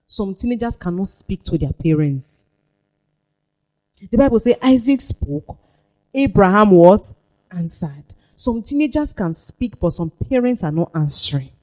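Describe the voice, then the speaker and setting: A woman's voice: mid-range voice, warm tone. A woman leading a parenting workshop, reading scripture aloud and pressing the audience with questions. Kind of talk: workshop teaching with Bible reading.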